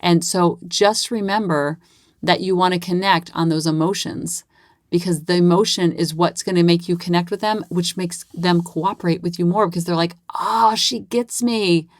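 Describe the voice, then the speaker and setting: Chatty woman in her forties, lowish voice. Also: normal speed, no echo, clean studio sound. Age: 40s. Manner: animated, acts out quoted dialogue; chatty, frequent "like" fillers. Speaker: parenting podcast host. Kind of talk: casual solo podcast storytelling.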